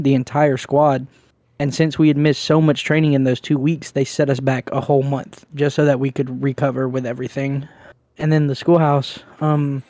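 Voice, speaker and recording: A man's voice: a little high, warm tone, no room sound. A young man co-hosting a podcast, telling crude, rambling stories in casual chat. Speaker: podcast co-host.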